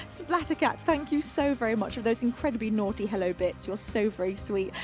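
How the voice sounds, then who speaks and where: Gushing high-voiced British woman streamer. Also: a little fast, few pauses, soft background music. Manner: effusive and affectionate, reading out chat names. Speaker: streamer and singer. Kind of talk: live stream chat greeting viewers.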